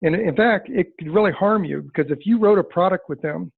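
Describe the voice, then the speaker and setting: Over a dry, tinny, phone-like line, a man leads a sales training webinar in a folksy, emphatic style, acting out conversations with clients. His voice sits high and is slightly rough with vocal fry, and he speaks briskly.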